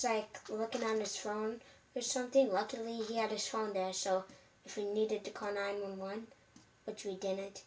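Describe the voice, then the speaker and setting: Rambling high-voiced female vlogger, off-mic. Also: a little mellow. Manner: rambling, restarting sentences, many fillers. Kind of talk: casual storytime vlog. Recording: voice from a distance with faint background hum.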